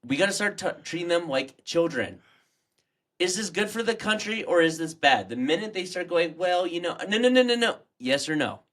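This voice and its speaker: A man's voice: high voice, animated, fairly quick, fairly bright tone. A man co-hosting a podcast in casual chat, blunt and swearing as he gets fired up. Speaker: podcast co-host.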